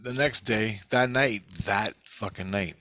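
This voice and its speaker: A man's voice: fairly low pitch, unhurried, pushed and bright, dry recording. A man telling a rambling personal story in a casual, profane way.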